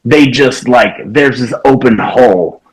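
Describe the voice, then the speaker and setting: A man's voice: mid-range voice, measured pace, low-quality recording. A man in casual chat, laid-back and self-deprecating.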